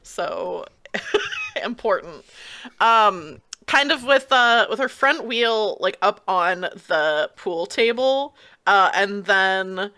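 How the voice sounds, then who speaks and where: A woman's voice: medium pitch, animated, slow pace, sharp tone, clean tone. A woman playing a tabletop game, describing her scene hesitantly, giggling, with many fillers. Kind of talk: casual role-play narration.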